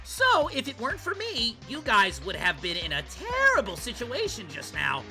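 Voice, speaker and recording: A man's voice: very high voice, huge pitch swings, normal speed, over music, heavily acted. A man reading a smug taunting young man. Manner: taunting, dismissive. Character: smug young man mocking trapped classmates.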